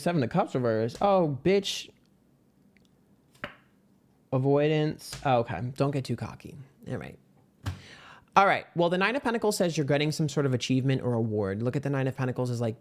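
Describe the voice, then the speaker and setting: A man reads tarot cards in a loose, chatty way, at a middle pitch for a man. He is brash and sassy and swears freely. His voice leaps high whenever he wants to hammer a point home. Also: lively intonation, fairly quick. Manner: swings into sudden high-pitched emphasis. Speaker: tarot reader. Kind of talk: casual pick-a-card tarot reading.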